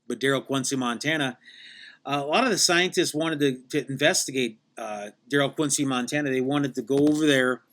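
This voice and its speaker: A man hosting a podcast, telling a rambling comic story with deadpan asides and constant restarts. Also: medium pitch, fairly quick. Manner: meandering, self-correcting, deadpan tall tale. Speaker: podcast host.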